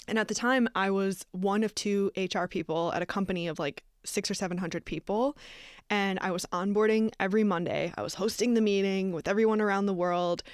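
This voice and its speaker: Woman host, chatty and upbeat, mid-pitched voice, dry close sound. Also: a little fast, clear, resonant tone, dry recording. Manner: chatty, upbeat, uses many fillers. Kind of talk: casual conversation. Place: small studio. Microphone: studio microphone.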